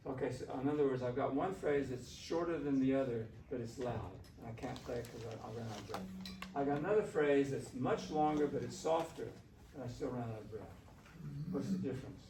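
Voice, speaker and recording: A man's voice: mid-range voice, a little fast, warm tone. A man teaching a shakuhachi workshop in a classroom, coaxing and conversational, often asking the class questions. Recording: roomy, from far off, faint hiss.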